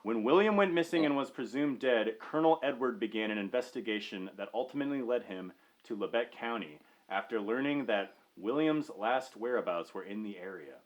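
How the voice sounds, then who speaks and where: A man's voice: mid-range voice, lively intonation, a little fast, few pauses. A young man casually telling a story as a podcast co-host, full of filler likes. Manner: rambling with lots of filler likes.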